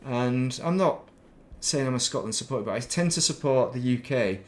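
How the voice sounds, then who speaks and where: A middle-aged man with a softened northern English accent, chatting casually and rambling while streaming a game. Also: medium pitch, lively intonation, moderate pace. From northern England. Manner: rambling, thinks aloud, laughs at himself. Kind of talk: casual chat while playing.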